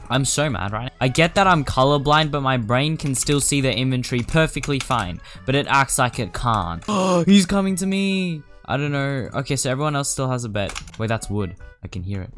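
Excitable young gamer. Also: male voice, mid-range voice, normal speed, faint music behind. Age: teens. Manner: excitable, gasping, pleading, jumping between loud yelps and mumbles. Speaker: gaming YouTuber. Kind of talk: live gameplay commentary.

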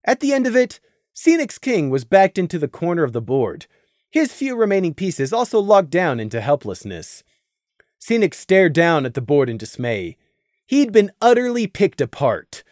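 A narrator reading a fan audiobook with expressive storytelling on a close mic. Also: medium pitch, moderate pace, dry recording.

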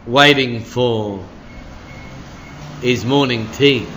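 Aussie pastor in his 60s preaching, slow and rambly, lots of "you know", bright voice. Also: medium pitch, a little hiss or hum. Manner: storytelling, with many fillers like "you know" and "sort of". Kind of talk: midweek sermon.

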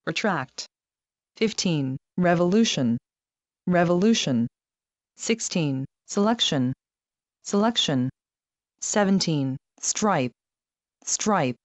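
Female reader for word-list dictation, low voice, very slow, dull muffled sound. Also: animated, dry recording. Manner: reads each word twice, evenly and deliberately. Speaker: vocabulary test reader.

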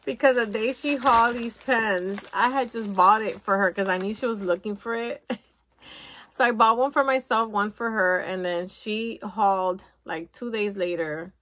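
A woman's voice: mid-range voice, normal speed, fairly bright tone. A woman vlogger opening happy mail from a friend, chatting casually and gushing over each gift. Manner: gushing, giggly, talks to viewers. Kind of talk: casual unboxing chat.

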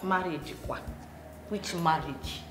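An actress with a Nigerian accent playing a hot-tempered, scornful wealthy stepmother who mocks and scolds loudly. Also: lowish voice, slow pace. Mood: complaining. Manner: loud, mocking and scolding. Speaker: film actress. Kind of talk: Nollywood film acting. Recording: echoey room with faint music.

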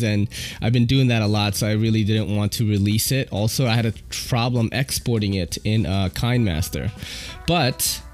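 A man casually reviewing a knife off the cuff at home, chatty and full of slang. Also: mid-range voice. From New York City. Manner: slangy and laid-back, chatty asides. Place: home, at a table.

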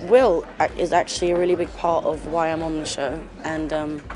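A woman's voice: low voice, level tone, a little fast. A young woman with an English accent, a talent show judge chatting in a casual interview and gushing through lots of fillers. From England. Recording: music and crowd behind.

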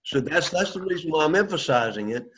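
A man's voice: on the high side, animated, fast talker, fairly bright tone, poor audio. A man teaching a Greek class, explaining patiently and checking in with "okay?" after each point. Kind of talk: classroom lesson.

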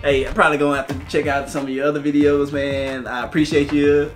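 A young man hosting a reaction video, chatting to viewers in a relaxed, rambling way with fillers. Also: fairly high pitch, fast talker, faint music behind. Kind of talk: casual chat to viewers.

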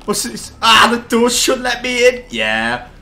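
A young man co-hosting a game playthrough, chatting excitedly and swearing as he plays. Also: very high voice, a little slow. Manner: excitable, swears and laughs often. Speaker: gaming video co-host. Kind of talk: casual gameplay banter.

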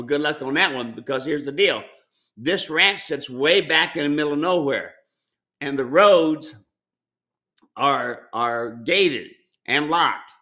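Folksy bright-voiced mule rancher. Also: male voice, fairly high pitch. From United States. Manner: folksy, repeats words, addresses "folks". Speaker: mule ranch owner and trainer. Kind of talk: casual live-stream Q&A.

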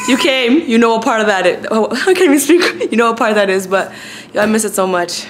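Fast-talking slangy young woman vlogger. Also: a little high, expressive, faint music behind. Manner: chatty, slangy, restless. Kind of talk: casual daily vlog. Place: at home, indoors.

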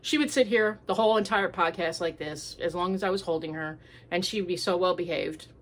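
A woman's voice: fairly low pitch, fairly quick. A woman chats casually as the host of a homemade crafting podcast. She rambles and wanders through her thoughts. She speaks from home, in an easygoing, unscripted way. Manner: chatty and rambling, with many fillers. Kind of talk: casual chat.

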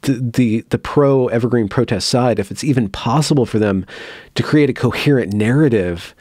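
A man's voice: medium pitch, moderate pace, a little mellow, dry recording, studio quality. A man hosting an interview, reflecting casually and at length, correcting himself as he goes. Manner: reflective, rambling, self-correcting. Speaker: interview host. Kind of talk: casual conversation.

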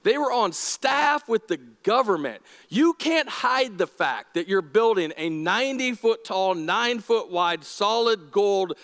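A male pastor with a high voice gives a conversational, animated sermon and keeps asking his listeners questions. His voice rings with the long echo of a church hall. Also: unhurried, few pauses.

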